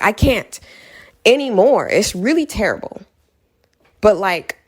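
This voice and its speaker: A young woman giving a heated, exasperated casual recap of a movie, repeating points for emphasis. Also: on the low side. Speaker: video creator.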